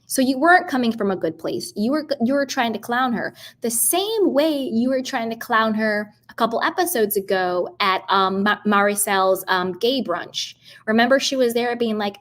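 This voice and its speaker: A woman's voice: on the high side, normal speed, hardly any pauses. A woman giving a casual, indignant recap of a reality show, talking straight to camera and acting out what others said. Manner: animated, indignant, acts out quoted voices. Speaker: reality TV commentator.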